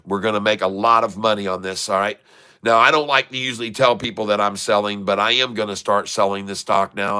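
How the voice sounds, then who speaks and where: A man giving live commentary on his day trades, excitable and repetitive, calling out to viewers and breaking into chants. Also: fairly low pitch, clear, resonant tone. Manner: repetitive, keeps addressing viewers as folks and ladies and gentlemen. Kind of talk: live trading commentary over a chart.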